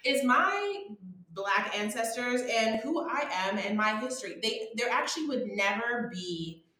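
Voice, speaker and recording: American woman, casual podcast chat, animated and emphatic, kinda high voice, super echoey room. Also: measured pace. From United States.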